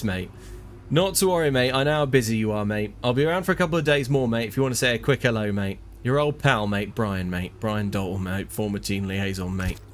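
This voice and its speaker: A man's voice: medium pitch, a little hiss or hum, natural voice. A man voicing a chummy, overfamiliar male former team liaison who tacks "mate" onto every phrase, reading his email aloud for laughs.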